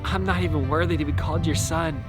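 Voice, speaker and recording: A man voicing a shamed young son confessing in halting, broken phrases. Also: on the high side, steady tone, over loud music, natural voice. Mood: remorseful. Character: remorseful young son returning home.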